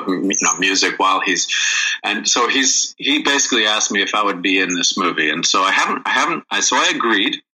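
Bright-voiced rambling male actor. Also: deep voice, husky, low-quality recording. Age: middle-aged. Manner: rambling, many restarts and fillers. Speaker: actor guest. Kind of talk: casual interview chat.

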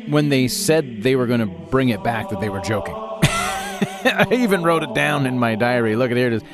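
A middle-aged man from Canada, a podcast host and former radio host, telling stories and ranting in a casual, animated way with frequent laughter. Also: medium pitch. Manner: animated, laughs often, rants. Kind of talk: casual storytelling monologue.

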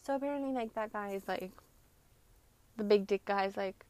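A woman's voice: medium pitch, normal speed, pauses often, dark tone. A young woman casually telling a story to her viewers, chatty and profane, with lots of "like" fillers. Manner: chatty and profane, heavy use of "like".

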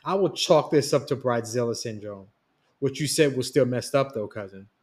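A man's voice: medium pitch, normal speed, a little mellow, natural voice. A man reading a story voices a young man, blunt and grudging with his family.

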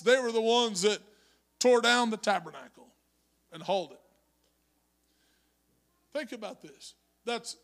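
A male pastor preaching a sermon in church, moving from conversational storytelling to shouted exhortation. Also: very high-pitched. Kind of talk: Pentecostal-style preaching. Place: church sanctuary.

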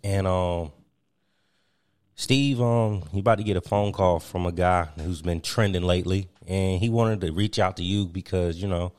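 A male podcast host sets up a call in a loose, casual way. He speaks low and easy, padding with fillers. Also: fairly even intonation, normal speed, darkish tone, dry recording, studio quality. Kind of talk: casual comedic intro.

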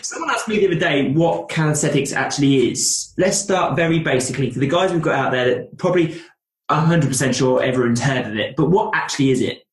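A man co-hosts a podcast in a jokey, easygoing way, with a slightly higher voice. His voice rings in a roomy, echoing space. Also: lively intonation, fast. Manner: jokey, laughs easily. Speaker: podcast co-host. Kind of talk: casual podcast interview.

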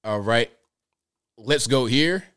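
A man's voice: medium pitch, takes it slowly, clear, resonant tone. Joking man hosting a live stream. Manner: joking, animated, talks to viewers, slangy. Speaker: show host. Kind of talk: casual live-stream commentary.

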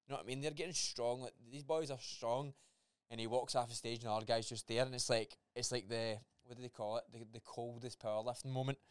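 A Scottish man co-hosts a podcast and talks emphatically in bursts. His voice is smooth and clear. It sits in a middle pitch and sounds dry. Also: steady tone, quick pace, no echo. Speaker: podcast co-host and strength coach. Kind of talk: casual chat.

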